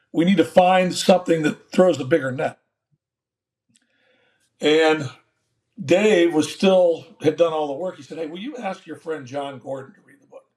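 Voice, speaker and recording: An older man, a former baseball manager, telling a folksy, animated story in an interview and acting out the dialogue. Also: on the high side.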